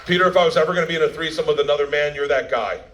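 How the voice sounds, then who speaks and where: A man's voice: on the high side, racing, noisy background. A man giving a speech at a premiere, telling a story in a brash, profane, laughing way and acting out the quotes. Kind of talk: stand-up style storytelling speech.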